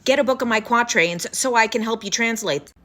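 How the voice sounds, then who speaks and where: A woman's voice: on the high side, brisk, a bit bright, close to an everyday voice. A woman voicing an irritated, arrogant old male prophet who is scornful and impatient. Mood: annoyed.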